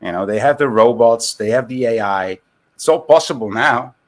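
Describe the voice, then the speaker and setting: A man's voice: medium pitch, normal speed. A man with a Dutch accent talking casually on a call-in stream, rambling and restarting his sentences. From Netherlands. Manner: rambling, repeats words and restarts.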